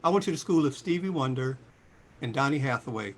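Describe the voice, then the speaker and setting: A man in his sixties telling stories as a guest in an interview, acting out the quotes in a lively voice. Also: a little fast. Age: 60s. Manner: lively storyteller, voices quotes with big pitch jumps. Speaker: singer and guest. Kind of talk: animated storytelling interview.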